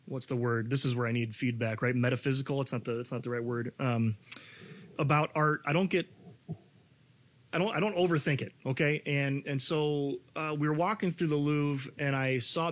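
A man in his thirties preaching a sermon, animated and rising to near-shouting when he reads scripture. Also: mid-range voice. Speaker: pastor.

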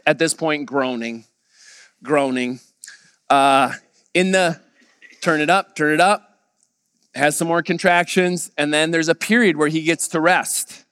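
A man pastor delivering a sermon, retelling a story and quoting others in a lively voice. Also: fairly high pitch, clean tone, no room sound, in a large hall. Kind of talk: sermon with anecdote.

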